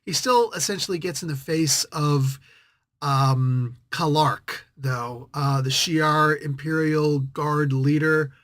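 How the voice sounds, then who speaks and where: A man's voice: on the high side, takes it slowly, a bit bright, no echo, clean studio sound. A man hosting a casual comic book review, rambling and correcting himself as he thinks aloud.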